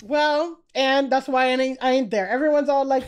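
A woman from Miami, a guest comedian on a chat podcast, telling stories in a brash, animated way with plenty of swearing. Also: sits high, normal speed, smooth. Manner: brash, animated storytelling with profanity.

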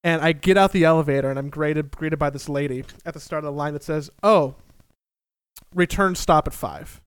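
A young man telling a funny personal story in a casual, animated and profane way, mocking himself. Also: on the high side, fast talker, clear, resonant tone, dry recording.

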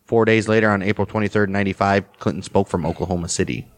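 Fast-reading male podcast co-host. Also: on the low side, fairly even intonation. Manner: quick, joking asides. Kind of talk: reading history and casual chat.

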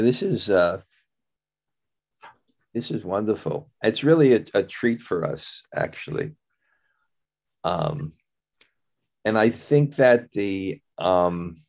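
A man hosting a conversation, speaking haltingly with many fillers and restarts as he retells a story. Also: sits low, a little mellow. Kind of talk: conversational interview.

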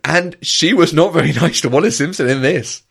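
A man co-hosting a casual movie podcast, talking thoughtfully with frequent restarts and soft chuckles. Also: fairly high pitch, fairly quick, gravelly, breathy edge. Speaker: podcast co-host.

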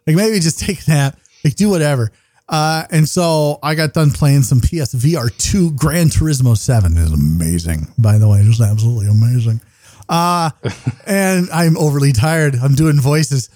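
A man's voice: on the high side, animated, moderate pace, dark tone, no echo. A man hosting a podcast, his voice tired, talking casually in a rambling, profane, joking way. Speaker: podcast host. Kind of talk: casual chat.

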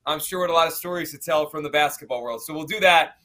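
Man, sports show host, bright voice, upbeat casual chat. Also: on the high side, fast talker. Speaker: podcast host.

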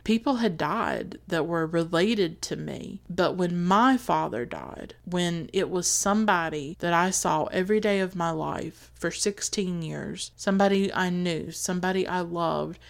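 Low, gravelly woman speaking earnestly. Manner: earnest, slow and emphatic. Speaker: podcast host. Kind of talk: reflective film commentary.

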